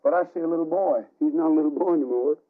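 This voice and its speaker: A man preaching a fiery revival sermon, telling the story dramatically with sudden shouts and hushed asides. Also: on the high side, racing. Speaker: evangelist. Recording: tinny archival radio broadcast.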